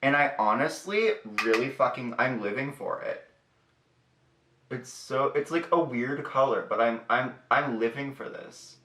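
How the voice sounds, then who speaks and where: Sassy, profane young man, bright voice. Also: mid-range voice, unhurried. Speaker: beauty vlogger. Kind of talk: casual makeup tutorial chat. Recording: echoey room.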